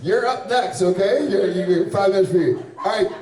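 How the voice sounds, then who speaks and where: Crude comedian in an echoey bar. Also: male voice, sits high, normal speed, a little mellow. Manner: loose, crude, laughing at his own jokes. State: sweating. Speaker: stand-up comedian. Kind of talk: stand-up set at an open mic. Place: small bar or club with a live audience. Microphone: handheld stage mic. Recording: echoey room from far off.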